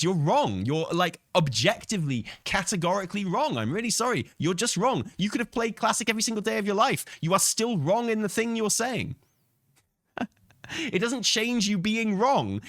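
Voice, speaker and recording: A man's voice: fairly high pitch, a bit bright, dry recording, clean studio sound. A man hosting a casual gaming commentary, answering chat messages in a blunt, argumentative, sweary way and often laughing. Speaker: streamer and channel host.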